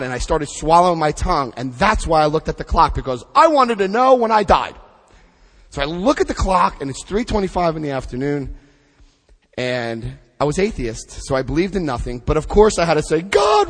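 A middle-aged man giving a personal recovery testimony to an audience, telling his story with dramatic pauses. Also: a little high. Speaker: recovery speaker. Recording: hall reverb.

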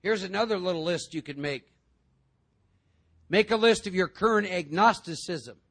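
A man speaking to a recovery group, animated and joking, acting out other voices as he talks. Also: sits high, normal speed, creaky, husky. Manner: animated, acts out voices, jokes with the room.

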